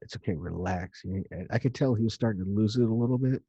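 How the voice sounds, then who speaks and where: A man's voice: lowish voice, very fast, mellow, slightly rough, no echo. A man casually recounting a story of his own in a loose, rambling way, with some swearing. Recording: dull lo-fi dry recording.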